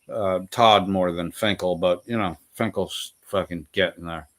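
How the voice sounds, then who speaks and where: A man's voice: low voice, fairly even intonation, measured pace, a bit bright. A man in a scornful, profane rant, hurling insults. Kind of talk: ranting commentary.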